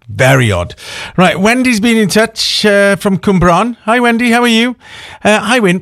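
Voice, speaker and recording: A man's voice: mid-range voice, fairly bright tone, no echo, studio quality. A man hosting a radio show in casual, chatty talk. He tells stories and thinks aloud with plenty of fillers. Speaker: radio host.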